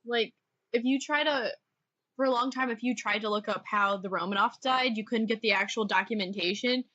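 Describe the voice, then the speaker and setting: A woman's voice: on the high side, fairly quick, pushed and bright, highs cut off. A young adult woman, a podcast guest, chatting casually with hesitant "like"s and restarts. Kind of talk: casual chat.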